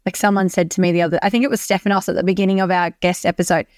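A woman's voice: lowish voice, rapid-fire, no echo. Emphatic young Australian woman, dry sound. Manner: energetic, emphatic, swears freely. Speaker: podcast host. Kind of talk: solo podcast monologue. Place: beach hut.

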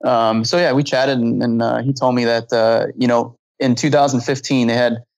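A man who works as a flight instructor tells a story in casual conversation, animated and acting out dialogue, frequently restarting and repeating words. His creaky voice is medium-pitched at a normal speed, and the recording is dry with the highs cut off.

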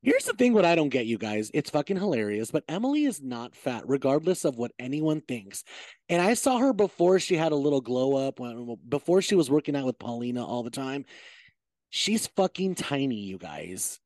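A man's voice: medium pitch, moderate pace, no room sound. Guy gossiping on a podcast, swears a lot, voice all over the place, dry sound. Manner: animated, profane, gossipy. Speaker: podcast host. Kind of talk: casual gossip chat.

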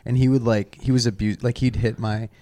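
A male comedian chatting on a podcast, rambling and cursing his way through family stories. His voice sits in an ordinary middle register, and he talks with lively, animated energy. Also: mid-range voice, brisk. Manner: swearing, rambling, animated storyteller. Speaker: comedian guest. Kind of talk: casual podcast chat.

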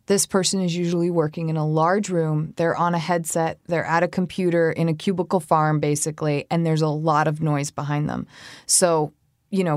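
A woman's voice: fairly low pitch, darkish tone, no room sound, studio quality. A woman co-hosting a casual advice chat, telling personal stories and acting out quotes as she goes. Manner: conversational, tells personal anecdotes with acted-out quotes. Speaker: co-host.

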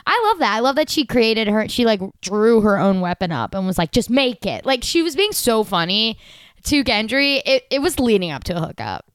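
Gushing young woman with a smooth voice. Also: a little high, moderate pace, no room sound. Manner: gushing, animated, lots of "like" fillers. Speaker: podcast co-host. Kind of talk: casual recap chat.

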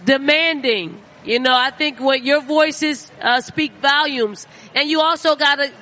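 A woman guest on a live podcast speaks earnestly, stressing her points with conviction. Her voice is very high and bright. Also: steady tone, measured pace. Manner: earnest, emphatic. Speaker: guest, former basketball player.

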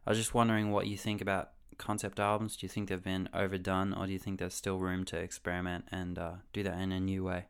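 A man's voice: sits low, monotone, fast talker, hardly any pauses, smooth. A man with an Australian accent, a band member leaving a polite, plain question for a show. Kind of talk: recorded voice message.

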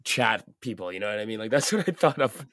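A man's voice: fairly low pitch, animated, fast, a bit bright, no echo. A young man co-hosting a podcast, telling a story in casual, slangy chat full of swearing. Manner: casual slangy, swears, says "bro" often. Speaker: podcast co-host.

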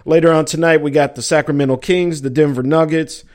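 A man's voice: fairly high pitch, fairly even intonation, fairly quick, darkish tone. A middle-aged man hosting a casual sports talk show, rambling and joking with listeners. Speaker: sports podcast host.

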